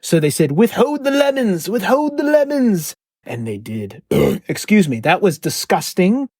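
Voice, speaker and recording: A man's voice: sits high, very animated, measured pace, a little mellow, no room sound, clean studio sound, full character voice. A man doing an eccentric, ancient interdimensional superhero. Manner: flamboyant, shifting put-on accents, rambling. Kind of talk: improvised comedy podcast.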